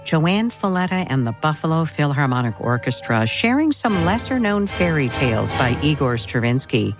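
A woman's voice: low-pitched, big pitch swings, normal speed. Woman radio host presenting classical music. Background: faint music underneath.

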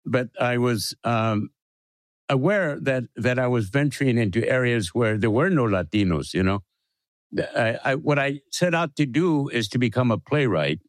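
An older man, a playwright and interview guest, talking in a measured, reflective way with pauses and restarts. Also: mid-range voice, expressive, no echo.

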